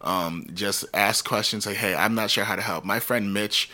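A podcast co-host with a lowish, sharp-toned voice chats casually at a moderate pace. He tells stories animatedly and laughs often.

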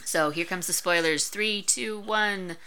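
A woman co-hosting a podcast who walks through a story in detail. Her voice sits low for a woman and sounds bright. Her delivery is relaxed and conversational. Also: unhurried, smooth. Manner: recaps plots in detail. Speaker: podcast co-host. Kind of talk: casual chat.

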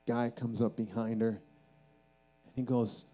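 A man's voice: medium pitch, little pitch movement, takes it slowly, mellow, soft background music, low-quality recording. A man preaching at a youth camp, telling a story and building to a fervent call. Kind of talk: sermon.

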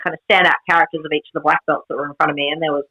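A woman who is a jiu-jitsu black belt, telling stories in casual podcast chat, animated and peppered with "like" and laughter. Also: sits low, racing, muffled recording. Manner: animated storytelling, heavy use of "like", frequent laughs.

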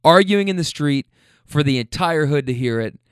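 A man's voice: on the high side, lively intonation, normal speed, clear, resonant tone, dry recording, studio quality. A man casually telling a story, chatty and laid-back, with profanity and self-deprecating asides. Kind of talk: casual spoken anecdote.

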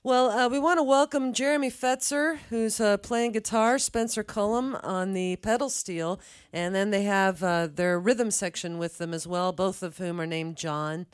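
A woman's voice: mid-range voice, moderate pace, few pauses, clear, resonant tone. A woman hosting a live radio interview in a studio, chatty and friendly, asking loose questions with a few fillers. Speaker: radio host. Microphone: studio microphone.

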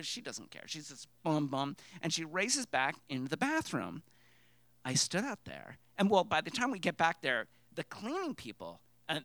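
A man telling a personal story to a live theater audience, animated and excitable, jumping between loud outbursts and hushed asides. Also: on the high side, no room sound.

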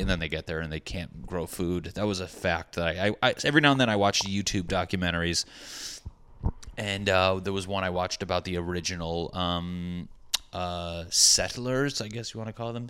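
A man's voice: low voice, fairly quick, a bit bright, clean tone. A young adult man, a stand-up comedian, rambling through a profane, jokey casual monologue to his viewers.

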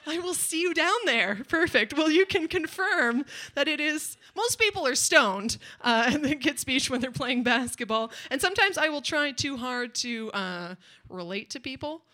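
A woman's voice: high voice, expressive, moderate pace, pushed and bright. A woman telling a rambling, self-mocking comic story on stage at a live show, with chatty asides to the crowd.

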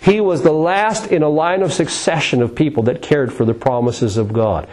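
A man's voice: a little high, normal speed, a little mellow, rough recording. A man preaching a sermon in a dramatic style, repeating phrases with rising and falling emphasis.

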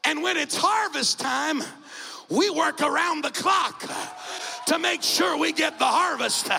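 A preacher voicing a folksy old farmer. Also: male voice, very high voice, a little slow, vocal fry, pushed and bright, slight background noise, voice pushed up, heavily acted. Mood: firm. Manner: folksy, firm, explaining. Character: plainspoken older male farmer.

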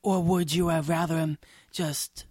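A man co-hosting a podcast, chatting casually and asking measured questions. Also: fairly high pitch, steady tone, a little mellow, dry recording, clean studio sound. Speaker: podcast co-host. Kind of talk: casual chat.

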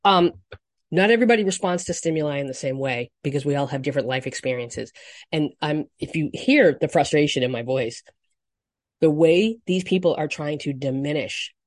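A woman hosting a solo dating podcast, reacting with frank, profane indignation and swinging between quiet emphasis and loud outbursts. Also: sits low, dry recording, clean studio sound. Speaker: dating coach podcast host.

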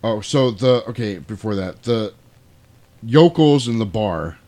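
A man's voice: on the low side, lively intonation, a little slow, darkish tone. A man recapping a movie in casual chat, breaking into exaggerated character voices and laughing as he goes. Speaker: podcast co-host recapping a movie.

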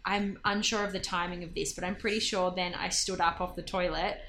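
A woman telling a casual, animated personal story full of fillers and laughs. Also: fairly low pitch, fairly quick, slight background noise.

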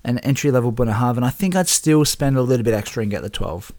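A man co-hosting a podcast in a relaxed, conversational way. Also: medium pitch, fast. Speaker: podcast co-host. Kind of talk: casual whisky podcast chat.

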